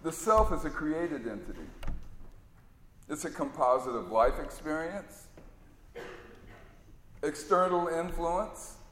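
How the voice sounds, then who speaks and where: Male preacher, unhurried sermon, tells stories in an everyday way, echoey hall. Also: a little high, expressive, fairly bright tone, a little hiss or hum. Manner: storytelling, conversational.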